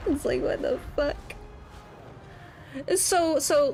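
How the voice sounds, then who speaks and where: A woman's voice: fairly high pitch, sing-song, takes it slowly, faint music behind. A woman streaming a game while chatting casually, ranting, swearing and laughing often, and under the weather. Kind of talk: casual chat while gaming.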